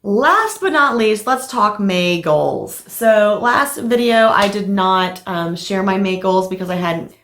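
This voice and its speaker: A middle-aged woman chatting casually to camera as a crafting vlogger, telling stories in a lively, animated way with plenty of fillers. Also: mid-range voice, slow, hardly any pauses, roomy sound, slight background noise.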